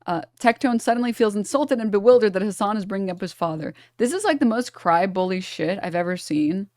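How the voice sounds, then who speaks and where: A woman's voice: medium pitch, lively intonation, brisk, a little mellow, no echo. Blunt, mocking woman streamer, dry sound. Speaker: streamer reacting to clips. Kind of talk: casual reaction stream chat.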